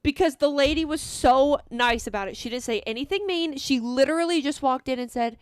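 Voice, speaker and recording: A young woman with a high voice tells a rambling storytime over her gameplay. She fills it with "like" and swears freely. The sound is dry and close. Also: a little fast, no echo. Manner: rambling, swears a lot, lots of "like". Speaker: vlogger. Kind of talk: casual storytime while gaming.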